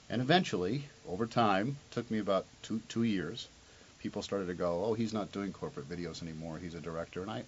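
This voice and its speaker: A middle-aged man, a television director, speaking in a casual interview in an earnest, reflective way, often restarting and repeating words. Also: deep voice. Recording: dull lo-fi sound with faint hiss.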